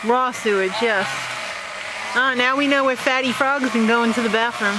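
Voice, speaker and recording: A woman's voice: a little high, normal speed. Chatty New woman, noisy home video. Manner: chatty, laughs often, dramatic disgust. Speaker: vlog host. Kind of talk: casual chat. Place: home kitchen, then a yard outdoors.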